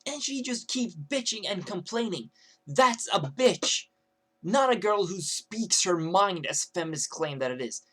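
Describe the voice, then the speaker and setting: A young man rants on his vlog in a rambling, unpolished way. He restarts sentences often and fills pauses with "like." His voice sits a little high for a man. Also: expressive, fairly bright tone. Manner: rambling, many fillers and restarts. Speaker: vlogger. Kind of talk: ranting to camera.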